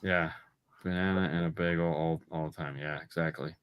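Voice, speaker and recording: A man co-hosting a podcast in casual chat, rambling and repeating words as he tells drawn-out stories. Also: deep voice, fairly even intonation, smooth, highs cut off. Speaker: podcast co-host.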